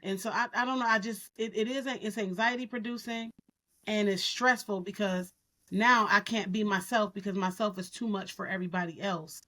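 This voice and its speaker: A woman's voice: mid-range voice, fairly quick. Candid woman podcast co-host. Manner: candid, animated storytelling. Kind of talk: casual podcast discussion.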